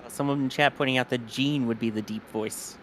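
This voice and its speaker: A man with a softened North Jersey accent co-hosting a livestream, commenting on a test in quick, joking banter. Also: medium pitch, steady tone, slight background noise. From New York, New Jersey border. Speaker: livestream co-host. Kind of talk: casual live commentary.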